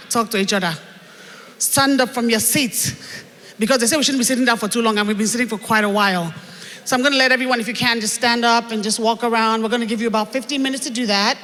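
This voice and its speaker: A bubbly Nigerian woman emcees a live event, cracking jokes and playing with words. Her voice is high and bright. It carries through a PA with the long echo of a big hall. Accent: Nigerian English. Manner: bubbly, joking, playful with made-up words. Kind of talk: live stage hosting.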